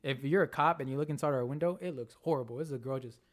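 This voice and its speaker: Talking very fast at a medium pitch, the young co-host of a laid-back podcast spins a lively party tale full of swearing. He acts out everyone's dialogue as he goes.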